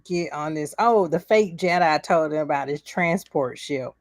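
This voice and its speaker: A woman's voice: moderate pace, dry recording, clean studio sound. A woman co-hosting a casual podcast chat, retelling scenes and acting out the quotes with laughter. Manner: animated, acts out quotes in high voices, laughs often. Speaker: podcast co-host.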